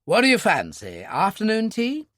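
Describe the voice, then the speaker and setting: A man doing a grumbling upper-class gentleman. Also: high-pitched, huge pitch swings, normal speed, no room sound, clean studio sound, pitched above the performer's own voice, heavily acted.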